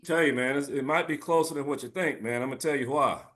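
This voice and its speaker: A man's voice: a little high, fast. A man in casual sports chat, joking and teasing, often laughing as he talks. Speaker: podcast co-host. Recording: loud noisy recording.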